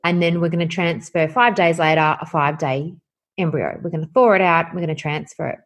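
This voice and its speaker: A woman's voice: low-pitched, fairly quick. A woman, a guest candidly telling a personal story and acting out the conversations in it. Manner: animated, acts out quoted dialogue. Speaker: guest sharing her story.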